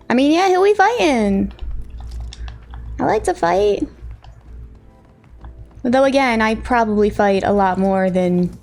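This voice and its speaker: A woman streamer with a high voice chats casually with her live audience, greeting viewers one by one. Her delivery is very lively and swings widely in pitch, with bursts of excitement. Faint music plays behind her.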